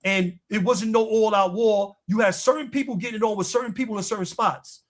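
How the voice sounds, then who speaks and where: A man in a heated casual argument, cutting in and pushing back, mostly keeping his voice low. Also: a little fast, no echo, studio quality. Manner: interrupts, pushes back, mostly low and restrained.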